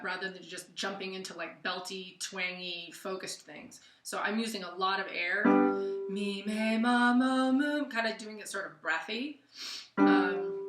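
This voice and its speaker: A woman singing teacher giving a casual vocal lesson, talking through warm-ups in a relaxed, chatty way with plenty of fillers and sung scales between. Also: mid-range voice, roomy sound. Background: piano.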